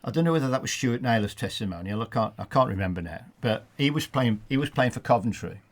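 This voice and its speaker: A man with a Black Country accent, a retired football referee telling funny anecdotes in a relaxed studio chat. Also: mid-range voice, quick pace. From England. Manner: anecdotal, laughs at his own stories, many restarts. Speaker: studio guest, former referee. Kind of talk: storytelling in a casual chat.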